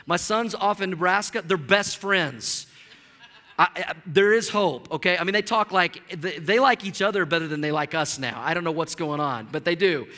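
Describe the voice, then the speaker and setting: A middle-aged man preaches to his congregation, animated and storytelling, tripping over repeated words as he presses his point. His voice sits high and bright. It rings with the long reverb of a large church hall. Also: moderate pace. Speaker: pastor. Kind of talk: sermon. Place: church sanctuary.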